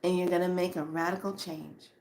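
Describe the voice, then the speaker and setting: A spiritual teacher with a voice on the low side addresses viewers in a casual spiritual talk. She's a woman who chats animatedly and laughs often, slowing down and lowering to a soft hush when the words turn calming.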